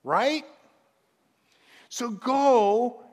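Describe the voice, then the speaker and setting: A man, a pastor, preaching a sermon in a conversational way and softening his voice to recite scripture. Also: very high-pitched, very slow. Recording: long hall reverb.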